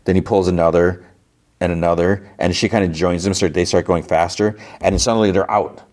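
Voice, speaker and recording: A man's voice: low-pitched, steady tone, fairly quick, a little mellow. A man hosting a podcast, casually recapping an episode with lots of fillers and restarts. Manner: rambling, many fillers and restarts. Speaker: podcast host.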